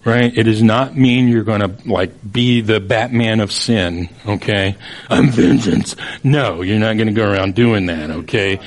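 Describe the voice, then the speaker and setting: A man's voice: on the low side, normal speed, few pauses. A male preacher giving a conversational sermon to a live audience, with joking asides and acted-out quotes. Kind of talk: casual sermon.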